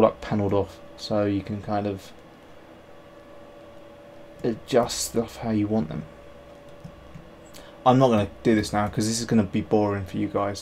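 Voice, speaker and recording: A sculptor streams his work, rambling and thinking aloud, poking fun at himself and greeting viewers in casual chat. His voice is on the low side, creaky and darkish, with slight background noise.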